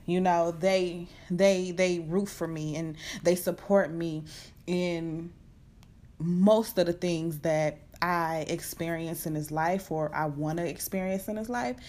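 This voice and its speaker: A young woman hosting her podcast from home at night, chatting casually and excitedly with lots of fillers. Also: lowish voice. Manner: chatty, animated, fast-talking with many fillers. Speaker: podcast host. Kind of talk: casual unscripted chat. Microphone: computer setup at home.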